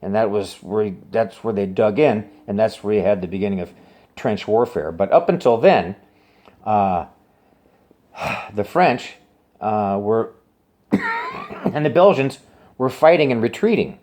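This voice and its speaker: A man tells a personal story straight to camera, circling back and repeating himself as he goes. His pitch swings widely, from low, hushed asides to high, urgent bursts. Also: wildly swooping pitch. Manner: rambling, halting, repeats himself. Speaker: musician telling a personal story.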